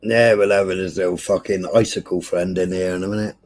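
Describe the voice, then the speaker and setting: A man's voice: sits low, fairly even intonation, fairly quick, darkish tone. A man co-hosting a livestream, chiming in with laid-back agreement and the odd swear. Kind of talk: casual livestream banter.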